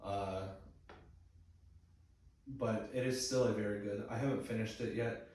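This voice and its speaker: A man's voice: fairly low pitch, steady tone, a little slow, darkish tone. A man in his twenties from the United States chatting casually as a podcast co-host, hesitant and full of "uh"s. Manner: hesitant, many "uh"s and restarts. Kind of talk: casual chat. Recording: echoey room, far from the mic, faint noise.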